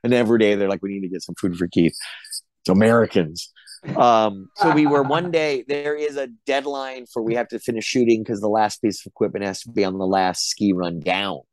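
A middle-aged actor, interviewed as a guest, speaks briskly in a voice on the low side with no room sound. He's a chatty storyteller, sharing casual anecdotes and acting out the quotes.

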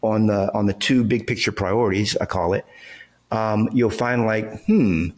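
A man's voice: on the low side, steady tone, moderate pace. A man who is a real estate entrepreneur and coach, guest on an interview, explaining his ideas emphatically in casual talk with everyday examples and frequent checks like "okay" and "right".

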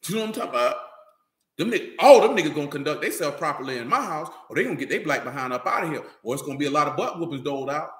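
Animated, bright-voiced man preaching. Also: fairly high pitch, racing, roomy sound. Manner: loose, street-talking, animated, repeats "you know what I'm talking about". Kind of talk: animated sermon.

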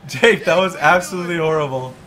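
A young man streaming a team game, loud and teasing, swearing when excited. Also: fairly high pitch, fast talker, crowd noise. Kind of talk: excited live gameplay chatter.

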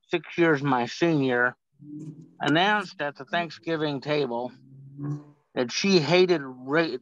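Casting: male poet, slow deliberate delivery, dry dull online-call sound. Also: fairly high pitch, a bit bright, dry recording. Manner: wry, rambling asides. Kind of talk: poetry reading. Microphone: video call.

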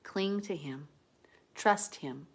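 Earnest woman teaching the Bible, lowish voice. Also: slow, vocal fry, slightly rough. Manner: earnest, conversational, heartfelt. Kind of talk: Bible reading with commentary.

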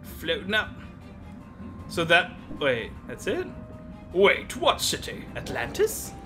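A man's voice: a little high, huge pitch swings, takes it slowly. A man hosting a casual let's-play video with a friend, playful and jokey, with game music behind. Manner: playful, jokey, giggly banter.

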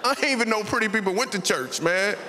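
Performing comedy in a large church auditorium, a man in his thirties speaks in a high, animated, fast voice while acting out a story's voices. Background noise is present, and the reverberant hall adds faint ambience.

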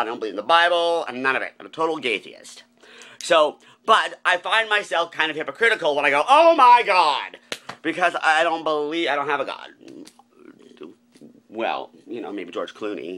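A man's voice: on the high side, expressive, a little fast, sharp tone. A man hosting a comedic vlog, flamboyant and gushing, recorded on a phone. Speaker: vlogger host.

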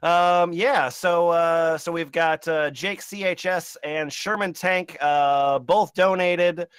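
A man's voice: fairly high pitch, slow pace, fairly bright tone, smooth, no echo, studio quality. A young man hosting a comedy podcast marathon, rambling with lots of fillers and frequent laughter. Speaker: podcast host. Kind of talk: comedy podcast livestream chat.

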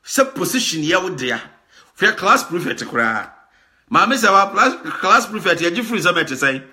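A man's voice: high-pitched, big pitch swings, normal speed, bright, forceful tone. A Ghanaian man hosting a talk show, commenting emphatically, often repeating words and laughing. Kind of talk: animated commentary mixing Twi and English.

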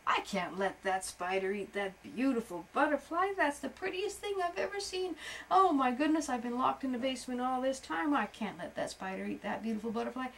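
A woman's voice: fairly high pitch, lively intonation, unhurried, creaky, pauses often, darkish tone, a little hiss or hum. A woman voicing a small, brave young male beetle in a bedtime story, talking eagerly in a lifted voice. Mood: admiring.

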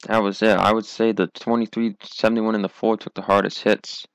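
A man's voice: lowish voice, a little fast, gravelly, clean tone, dry recording. A young man giving solo play-by-play commentary on a sim racing league, running through positions and replays. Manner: calls positions and replays, rising excitement at restarts.

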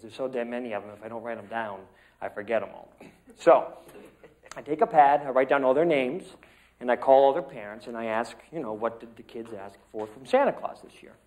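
A man's voice: mid-range voice, darkish tone. A man acting student telling a rambling personal story in class, chatty and loose.

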